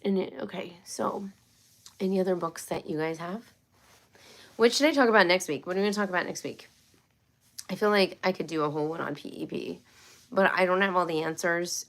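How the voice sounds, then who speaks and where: Woman, casual live-stream chat, chatty and rambling, lower voice. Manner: chatty, rambling with many fillers and restarts. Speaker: homeschool livestream host.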